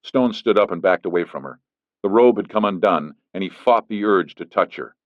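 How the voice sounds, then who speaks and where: A man narrating an audiobook in a steady, even reading. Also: low voice, normal speed, no room sound. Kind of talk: scripted narration. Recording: dull lo-fi, dry studio.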